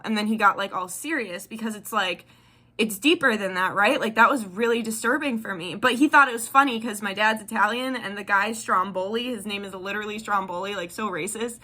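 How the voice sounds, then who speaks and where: A woman's voice: a little high, a little fast, sharp tone. A woman in her thirties telling a personal story to the camera in a candid, rambling way with many fillers. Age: 30s. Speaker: tarot vlogger.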